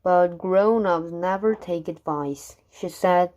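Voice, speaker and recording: Slow woman reading rhyming poems aloud. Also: lowish voice, a little mellow, highs cut off. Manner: unhurried, with occasional stumbles and restarts. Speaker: reader.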